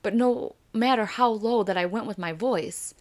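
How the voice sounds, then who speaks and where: A bubbly, excitable woman hosting a podcast workshop, talking fast and loud in a casual, chatty way. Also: mid-range voice. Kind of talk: casual guided workshop talk.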